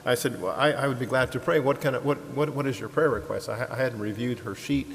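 A man telling a ministry story to a congregation, animated, acting out the people he quotes, with frequent restarts and repeated words. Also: mid-range voice, quick pace. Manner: animated, acts out quoted voices, laughs easily. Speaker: ministry leader. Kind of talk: sermon-style storytelling. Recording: long hall reverb, faint hiss.

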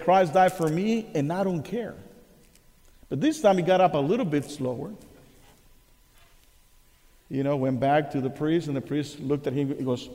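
Preacher with a dark voice in a big hall. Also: male voice, fairly high pitch. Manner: earnest, drops to hushed voice for emphasis. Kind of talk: sermon with storytelling. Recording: long reverb of a large hall.

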